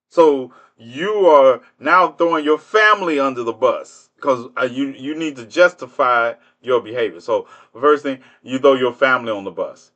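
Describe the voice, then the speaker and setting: Animated, mocking man on a live stream. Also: mid-range voice, unhurried. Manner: animated, mocking, rhetorical questions with laughter. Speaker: livestream host. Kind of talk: live stream chat, addressing commenters.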